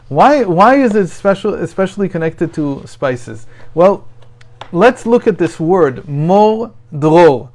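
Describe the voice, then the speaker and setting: A middle-aged man teaching a daily Torah study lesson, thoughtful and hesitant, with many fillers and slow readings of sources. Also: high-pitched, darkish tone.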